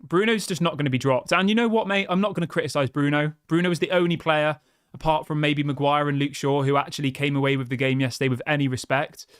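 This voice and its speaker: A man's voice: on the high side, fairly even intonation, fast, clear, resonant tone, no room sound. Frustrated man ranting, dry sound. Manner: frustrated, blunt and conversational, often saying "mate". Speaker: football channel host. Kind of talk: live-stream commentary reading viewer comments.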